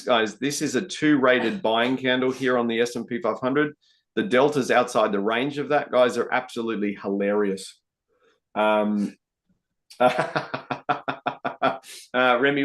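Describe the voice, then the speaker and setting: A man commentates live trades for an online audience. He speaks in a relaxed, chatty way at a middle pitch and keeps calling viewers guys and mate. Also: measured pace. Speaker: trading educator hosting a live session. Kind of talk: live-stream trading commentary.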